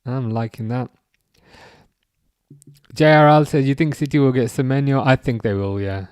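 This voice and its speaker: A man's voice: medium pitch, normal speed, darkish tone, smooth, no echo, clean studio sound. A man hosting a football watch-along live stream, chatting loosely and answering viewer comments as he goes. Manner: loose and rambling, with frequent restarts. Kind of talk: casual live-stream chat.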